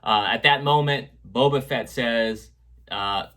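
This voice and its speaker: A show reviewer talks casually about an episode, rambling with fillers and restarts as he retells scenes and echoes quotes. His mid-range voice is slow, bright, and forceful.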